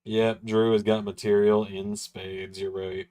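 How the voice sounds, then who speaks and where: Low-voiced man rambling on a stream. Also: little pitch movement, unhurried, mellow. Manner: rambling, laid-back, chuckles now and then. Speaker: livestream host. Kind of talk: casual chat during a wrestling watch-along.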